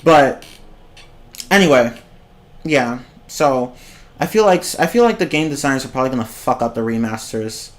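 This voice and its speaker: A man's voice: mid-range voice, normal speed, pauses often. A young man on a casual livestream, rambling about games, swearing freely and breaking into giggling fits. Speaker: streamer.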